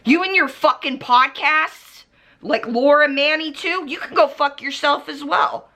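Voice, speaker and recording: Speaking straight into her camera's mic, this beauty commentary vlogger delivers a furious rant, cursing openly and singling people out by name. Her voice is high, bright and forceful, running a little slow. The young woman stays heated and foul-mouthed throughout, jabbing a finger at the lens.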